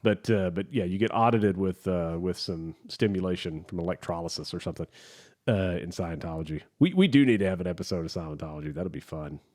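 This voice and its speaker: Rambling, lower-voiced man chatting. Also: a little fast, darkish tone. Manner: rambling storyteller with restarts and laughs. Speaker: podcast co-host. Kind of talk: casual chat.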